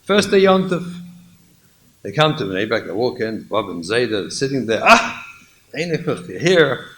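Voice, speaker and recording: A man, a rabbi, telling a humorous story in a lecture, in a lively way, mixing in Yiddish and Hebrew words. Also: fairly low pitch, moderate pace, rough recording.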